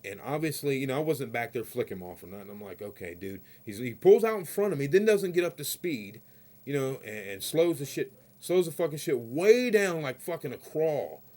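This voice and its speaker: A man in the middle of a heated vlog rant, his voice neither high nor low. He rambles through his story, swears freely and keeps checking in with his listeners. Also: big pitch swings, a little fast, a little mellow. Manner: peppers talk with "you know what I mean". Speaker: vlogger.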